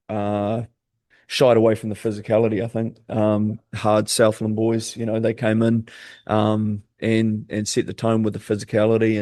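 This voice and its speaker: New male athlete in his thirties, low and even voice, dry close sound. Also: no room sound. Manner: easygoing, many "um" pauses. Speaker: basketball player and coach, guest. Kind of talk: casual podcast interview.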